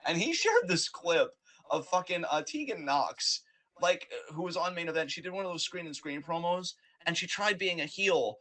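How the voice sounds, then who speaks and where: A man's voice: high-pitched, lively intonation, moderate pace, sharp tone. A man co-hosting a podcast, ranting in casual, profane, rambling chat. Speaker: podcast co-host.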